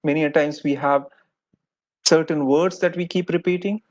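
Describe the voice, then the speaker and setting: A man's voice: fairly high pitch, fairly even intonation, normal speed. A man with an Indian English accent, lecturing postgraduate doctors in a patient, explanatory way. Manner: patient, explanatory, repeats "many a times". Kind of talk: recorded lecture. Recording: dull lo-fi audio.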